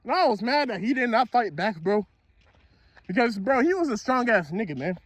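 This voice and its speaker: Animated young man with a high voice. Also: normal speed, no echo. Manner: animated, slangy, profane storytelling. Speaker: vlogger telling a story. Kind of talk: casual storytime monologue.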